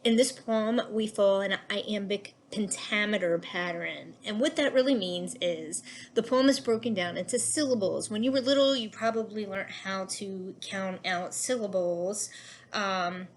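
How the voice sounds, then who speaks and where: A woman's voice: medium pitch, slight background noise. A woman teacher giving a recorded lesson, explaining patiently with a few fillers.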